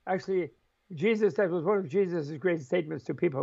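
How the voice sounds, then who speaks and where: An older man speaks as a guest in an interview, his voice pitched high with a gravelly edge. He tells rambling, chuckling stories and slips into quoted voices along the way. The recording sounds dull and lo-fi. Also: a little fast, mellow. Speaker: interview guest, Buddhist scholar. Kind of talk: animated storytelling in conversation.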